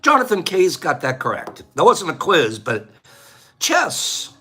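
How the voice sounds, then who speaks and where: A man's voice: a little high, huge pitch swings, unhurried, pushed and bright, faint music behind. A man hosting a casual livestream, chatting and joking playfully with his viewers and laughing often. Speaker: livestream host.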